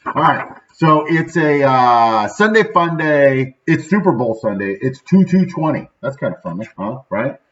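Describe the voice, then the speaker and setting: Very animated yet a little slow, this man's mid-range voice has a fairly bright tone. He's in his thirties, from central Illinois, and hosts a daily motivational show in a rambling, upbeat style, often ending with "right?", though the recording is slightly dull and lo-fi.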